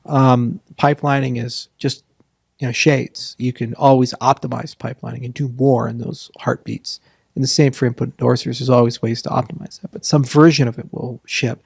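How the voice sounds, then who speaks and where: A man's voice: mid-range voice, little pitch movement, normal speed, gravelly, a little mellow, breathy edge, dry recording, clean studio sound. A man talking as an interview guest, rambling through long answers and listing points, with sarcastic asides. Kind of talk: casual interview talk.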